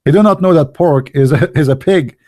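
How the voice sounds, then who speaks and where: A sarcastic man from the Middle East holds forth in English, slipping in fillers and laughing at his own jokes. His voice sits a little high and sounds close and dry, with no room behind it. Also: fairly quick, darkish tone, no room sound. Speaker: channel host. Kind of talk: mocking monologue.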